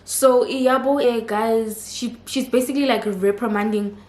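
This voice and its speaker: A woman giving a chatty, expressive recap of a reality TV episode, laughing readily as she talks. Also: on the high side, moderate pace, reverberant. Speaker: reality TV reviewer.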